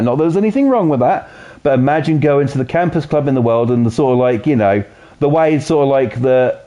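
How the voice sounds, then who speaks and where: A man's voice: mid-range voice, mellow, highs cut off. A man with a Norfolk accent streaming a game and telling a long, profane story in casual, rambling chat. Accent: Norfolk English.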